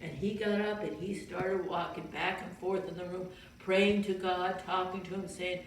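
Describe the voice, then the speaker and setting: A woman tells a story to children in a gentle, explaining way, stopping now and then to ask them questions. She sits well back from the microphone in a very echoey room, with faint noise underneath. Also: lowish voice, fairly even intonation, normal speed, distant mic.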